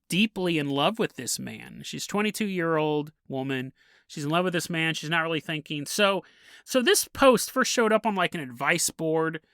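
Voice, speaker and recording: Guy telling a weird story on his podcast, bright sharp voice, laughs a lot, dry close mic. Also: high voice, dry recording. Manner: laughing often, acting out quoted voices. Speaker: podcast host.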